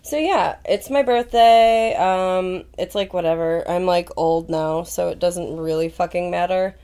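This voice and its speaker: A woman in her thirties co-hosts a podcast in a loose, casual way, cursing freely and laughing along. Her voice sits slightly low and comes out hoarse and phlegmy from the flu. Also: a little slow, dark tone. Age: 30s. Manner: laid-back, swears freely, laughs often. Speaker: podcast co-host. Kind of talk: casual chat.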